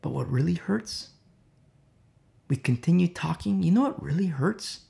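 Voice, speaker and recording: A man's voice: a little high, expressive, moderate pace, vocal fry, dark tone. A man preaching an informal sermon, impassioned and rambling, with many fillers and repeated phrases.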